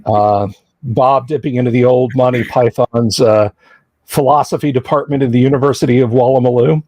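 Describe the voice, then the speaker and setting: A man's voice: medium pitch, a little fast, a little mellow, no echo, studio quality. A middle-aged American man hosting a casual live-stream chat, telling rambling stories full of asides and restarts. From United States. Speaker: podcast host.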